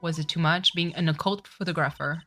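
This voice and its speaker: A woman's voice: low voice, steady tone, brisk, fairly bright tone, faint music behind. A woman reading the lines of an earnest young male attorney in her own voice.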